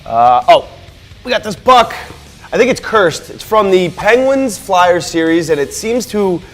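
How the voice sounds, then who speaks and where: A man co-hosting a scripted comedy sketch, excitable and exasperated as he pleads. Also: sits high, measured pace. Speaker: sketch co-host.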